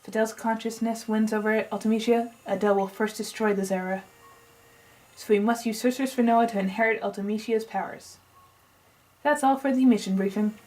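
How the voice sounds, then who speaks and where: A woman with a fairly high, darkish, natural voice reads fairly quickly in a steady tone over rough audio. The lines belong to a pompous, eccentric male scientist giving a long, lecturing explanation of his plan, and she keeps dropping the accent she half-attempts.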